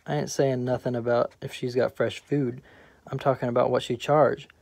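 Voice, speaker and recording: A man's voice: medium pitch, little pitch movement, moderate pace, creaky, a little mellow, no echo. A man voicing a brash, boastful middle-aged man who teases and tells tall stories, in a play audiobook. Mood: stubborn. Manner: swaggering, teasing, storytelling. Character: Troy, brash boastful middle-aged male garbage collector.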